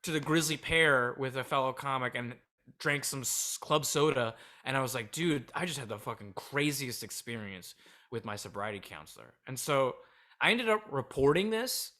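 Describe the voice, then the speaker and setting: A man's voice: mid-range voice, expressive, moderate pace, bright, forceful tone. A man in his thirties, a comedian telling a personal story candidly in a casual interview. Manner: candid, drifting between laughing and subdued. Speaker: comedian guest.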